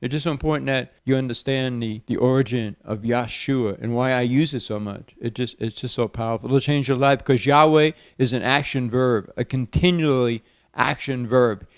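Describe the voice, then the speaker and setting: A man preaching on the radio, reading scripture with raised emphasis and praying softly. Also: mid-range voice, normal speed, smooth, dry recording, studio quality. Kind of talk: sermon with Bible reading and prayer.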